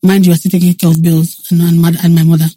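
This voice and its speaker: A woman recounting her own story as an interview guest, in a mellow, warm voice. She talks in an animated way, full of restarts, and puts on voices for the people she quotes. The sound is dry and close. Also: fairly low pitch, racing, no echo, faint music behind.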